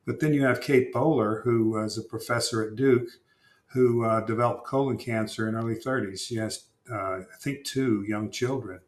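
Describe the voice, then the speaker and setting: A man, an author who is a guest on a podcast, answering in a thoughtful, measured way and pausing with uhs. He speaks in a conversational interview style. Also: medium pitch, fairly even intonation, roomy sound.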